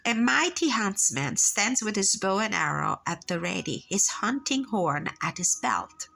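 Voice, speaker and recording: A woman with a stuffy, nasal voice from blocked sinuses, calmly doing a personal tarot reading and reading passages aloud from a guidebook, with many pauses and fillers. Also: mid-range voice, vocal fry, poor audio. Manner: calm, reflective, unhurried with frequent fillers. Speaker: tarot reader and channel host.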